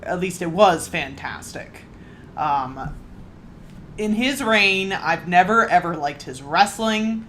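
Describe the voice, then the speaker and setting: A woman's voice: fairly low pitch, animated, takes it slowly, a bit bright, a little hiss or hum. A woman co-hosting a podcast, giving blunt, teasing opinions in a casual chat about wrestling. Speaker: podcast co-host.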